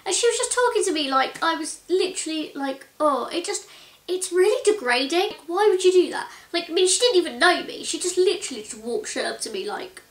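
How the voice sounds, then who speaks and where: A woman's voice: extremely high pitch, expressive, brisk. A woman in her twenties talking to camera in a chatty, earnest and exasperated way, full of "like". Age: 20s. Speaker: vlogger. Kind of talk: casual talk to camera. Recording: echoey room.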